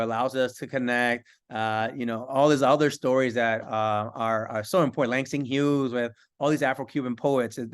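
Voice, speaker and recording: Enthusiastic man with smooth, clear voice. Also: medium pitch. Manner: enthusiastic, piles up examples. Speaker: curriculum panelist. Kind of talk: panel discussion.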